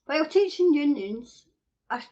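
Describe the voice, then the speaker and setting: High-voiced woman ranting over news. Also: animated, unhurried, mellow. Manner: swears often, angry outbursts, rhetorical questions. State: coughing. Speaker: host of a commentary show. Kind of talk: reading news aloud with angry commentary. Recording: dull lo-fi home recording.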